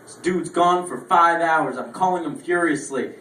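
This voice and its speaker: A young man does stand-up on a small lounge stage, rambling through profane anecdotes. His voice sits a bit high. The recording catches him from far off in an echoey room, with faint room sound behind. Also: normal speed, bright, forceful tone. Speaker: stand-up comedian. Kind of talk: stand-up comedy storytelling. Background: faint room ambience, audience laughter.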